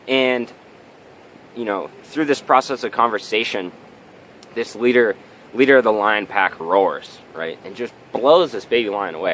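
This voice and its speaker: A man's voice: fairly low pitch, lively intonation, moderate pace, a bit bright, a little hiss or hum. A man giving a motivational vlog talk, telling a story and often checking in with tag questions. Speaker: vlogger.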